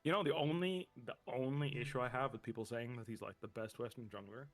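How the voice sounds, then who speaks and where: A man's voice: mid-range voice, steady tone, fast talker, a bit bright. Rambling young man chatting on stream. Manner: rambling, repeats words, swears often. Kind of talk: casual chat on stream.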